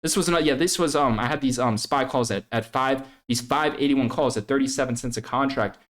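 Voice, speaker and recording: A man's voice: medium pitch, a little fast, fairly bright tone. A man hosting a trading group vlog, swearing constantly and hard-selling membership with repeated slogans. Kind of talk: hyped promotional vlog rant.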